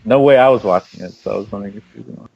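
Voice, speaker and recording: A man co-hosting a casual radio show, talking in a relaxed, halting way with many fillers. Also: fairly low pitch, gravelly, breathy edge, dry recording, rough recording. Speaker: co-host.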